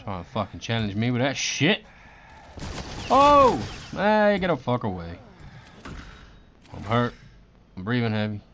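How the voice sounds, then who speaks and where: A man's voice: fairly low pitch, animated, normal speed, pauses often, a bit bright, a little hiss or hum. A man giving live gameplay commentary, swearing and trash-talking as he reacts to the match. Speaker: gaming commentator.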